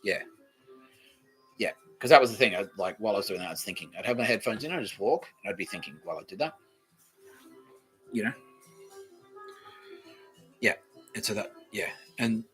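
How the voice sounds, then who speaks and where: Lively, bright-voiced Australian man. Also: on the low side, a little fast, long pauses, faint music behind, poor audio. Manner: profane, meandering, chuckling. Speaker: podcast host. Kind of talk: casual rambling monologue.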